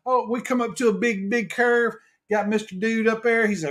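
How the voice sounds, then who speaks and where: A man's voice: high voice, a little fast, few pauses. A middle-aged man, co-hosting a casual live stream and telling stories with lots of laughter. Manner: animated storytelling, laughs often, folksy. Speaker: co-host.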